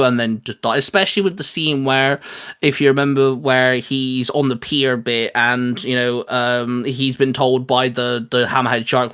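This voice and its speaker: A man talking casually as a podcast guest, halting with restarts and fillers. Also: mid-range voice, fairly even intonation, a bit bright, clean tone. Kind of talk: casual chat.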